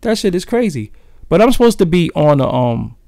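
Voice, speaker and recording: Speaking in a Brooklyn, New York accent, this man hosts a casual livestream, addressing his chat directly with loose, profane banter. His voice is a little high, creaky, and warm, very animated at a moderate pace. It's a studio-quality recording without any echo.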